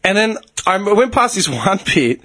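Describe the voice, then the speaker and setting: An Australian man in his thirties tells a story in casual chat, swearing often and acting out what other people said. His voice sits a little high and swings widely up and down. The tone is husky and a little rough. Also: moderate pace. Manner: swears a lot, animated storytelling with acted-out quotes.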